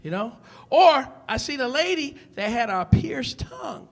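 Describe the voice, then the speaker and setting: A man from Detroit doing a stand-up comedy set on a club stage, with a loud, punchy delivery that acts out characters. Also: extremely high pitch, very animated, a little slow.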